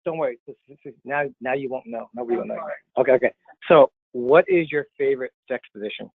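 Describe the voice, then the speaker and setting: A man hosting a casual podcast, talking in an excitable, giggly, coaxing way. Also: mid-range voice, fast talker, vocal fry, husky, no room sound. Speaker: podcast host. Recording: dry tinny phone-like audio.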